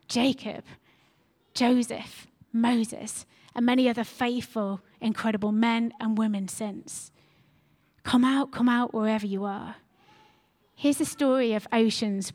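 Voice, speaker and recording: A woman's voice: a little high, a little mellow. A woman pastor, preaching a sermon with earnest, repeated calls to her church. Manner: earnest, repetitive exhortation.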